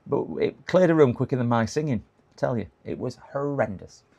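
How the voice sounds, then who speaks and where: Male livestream host, casual rambling chat, voice going hoarse. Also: mid-range voice, expressive, normal speed, mellow, muffled recording. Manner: chatty, rambling, laughs at his own jokes. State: voice going hoarse, clearing throat. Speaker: livestream host repairing computers. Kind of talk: casual live-stream chat.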